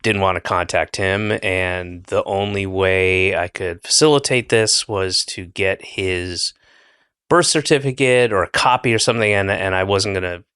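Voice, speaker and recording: A man's voice: low-pitched, unhurried, fairly bright tone, clean tone, no room sound. Casting: male podcast host, loose rambling storyteller, salty, bone-dry mic. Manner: rambling, profane, jokey storytelling with mimicked voices. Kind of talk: casual chat.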